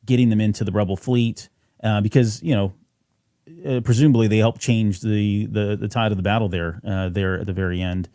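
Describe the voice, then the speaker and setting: A man's voice: fairly low pitch, steady tone, brisk, mellow, dry recording, studio quality. A man co-hosting a fan podcast, chatting casually and rambling with fillers and restarts. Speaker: podcast co-host.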